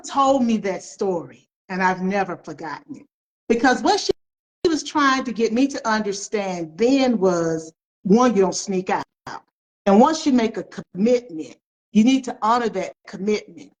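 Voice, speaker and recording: A woman's voice: mid-range voice, poor audio. Emphatic middle-aged woman telling family stories. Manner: emphatic storyteller, repeats phrases for effect. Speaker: author. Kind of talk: storytelling in an interview.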